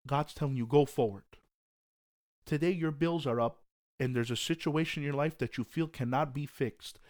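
A man's voice: on the high side, brisk. A man hosting a devotional podcast, talking in an emphatic, preaching way with repeated exhortations. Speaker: podcast host.

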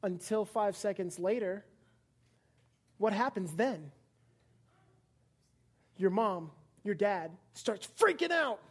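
A young woman preaches at a church service in a medium-pitched, slightly rough voice with lively intonation. She takes it slowly with long pauses, joking with the live congregation, laughing often and playing out little scenes.

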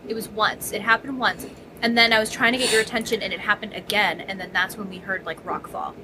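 A woman's voice: medium pitch, steady tone, fast, background noise. A woman co-hosting a podcast, recalling a spooky event in an earnest way and often repeating her words. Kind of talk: casual chat.

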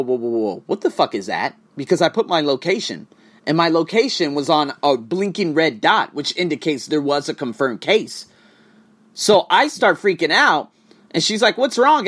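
Animated profane man ranting. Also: on the high side. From United States. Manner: animated, heavily profane, swings between loud outbursts and hushed asides. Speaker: vlogger and online teacher. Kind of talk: casual profane rant to camera.

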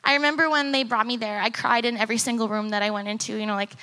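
A woman's voice: a little high, fairly even intonation, rapid-fire, pushed and bright. A young woman speaking at a conference, telling her story in a conversational way and acting out remembered dialogue. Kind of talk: personal testimony talk. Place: conference stage before teens.

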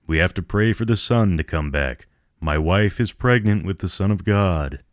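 Man doing a gruff middle-aged innkeeper, grumbling, barking, very deep voice, dry close sound. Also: expressive, normal speed, no echo. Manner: grumbling, then barking challenges. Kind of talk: horror audiobook reading.

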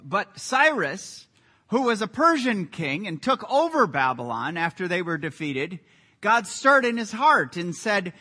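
Male pastor, sermon, high, bright voice, animated storyteller. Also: big-room sound. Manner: animated storytelling with lively sports anecdotes.

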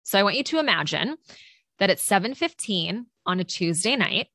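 A woman co-hosting a podcast for teachers, lively and chatty, laughing easily as she talks. Her voice sits at an ordinary middle pitch and sounds dry and close to the mic. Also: moderate pace, dry recording. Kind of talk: casual podcast chat.

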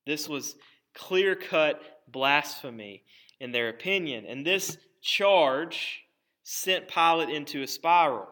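A man preaching a sermon in a bright, forceful, fairly high voice. He delivers it with strong emphasis and dramatic pauses. He often doubles back on a word as he drives home a point. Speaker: pastor.

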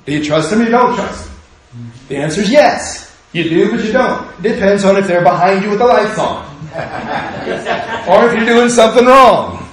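A man preaching a sermon in a humorous, conversational way, acting out quotes from the people in his story. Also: sits high. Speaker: pastor. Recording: echoey room.

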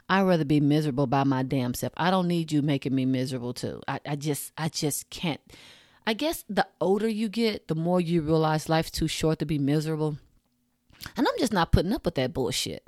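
Woman, podcast host, blunt, profane, low-set voice, dry close mic. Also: darkish tone, no room sound. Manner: frank, profane, rants with punchy asides. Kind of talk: blunt casual monologue.

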